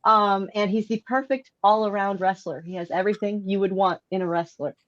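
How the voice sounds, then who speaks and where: A woman's voice: mid-range voice, steady tone, brisk, fairly bright tone. A woman guest on a live stream, an eager and chatty superfan, talking over a video call. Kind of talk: casual chat on a live stream. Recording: dull lo-fi call audio.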